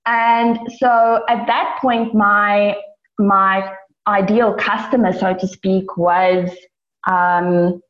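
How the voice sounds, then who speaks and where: A woman's voice: medium pitch, extremely slow. A woman from South Africa who runs an online business, telling a personal story in a chatty way with lots of fillers. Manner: chatty, many fillers, animated in retelling. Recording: roomy, dull lo-fi sound.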